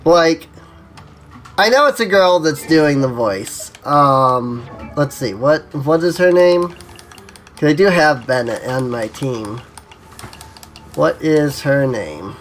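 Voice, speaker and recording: Game streamer, casual live commentary, offhand, thinks aloud, lively pitch, faint music behind. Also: slow.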